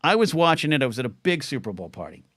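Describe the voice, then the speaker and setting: A man's voice: medium pitch, very animated, quick pace, fairly bright tone, no room sound, clean studio sound. A middle-aged man hosting a solo livestream podcast, rambling through chat questions with lots of restarts.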